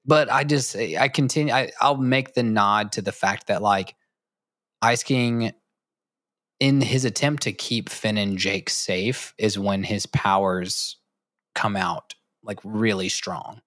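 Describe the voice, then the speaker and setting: Podcast co-host, male, low voice, eager rambling delivery, dry close-mic sound. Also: slow, fairly bright tone, no room sound. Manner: rambling, enthusiastic, lots of fillers. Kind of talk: casual chat about a cartoon.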